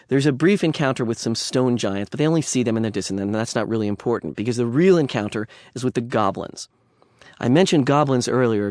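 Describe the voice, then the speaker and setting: A man's voice: medium pitch, darkish tone, no echo, studio quality. A man lecturing on literature in a conversational way, with digressions and wry asides.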